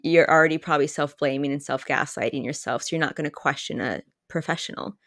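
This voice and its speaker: A woman's voice: low-pitched, fast talker, fairly bright tone. A woman coach, a guest on an interview, talking in an agreeable, chatty way and laughing often. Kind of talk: casual conversational interview.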